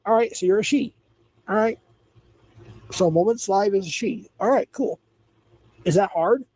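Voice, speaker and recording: A man in his forties with a notably high-pitched voice runs a livestream and talks back to his chat. He is blunt and scolding, and he keeps repeating himself as he tells viewers to calm down. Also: normal speed, rough recording. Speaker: livestream host.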